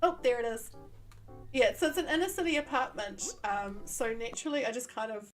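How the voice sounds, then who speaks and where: A woman's voice: fairly high pitch, lively intonation, a little fast, soft background music, low-quality recording. A woman with a New Zealand accent, thinking aloud while she plays and laughing often. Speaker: competing streamer. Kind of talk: casual gameplay commentary.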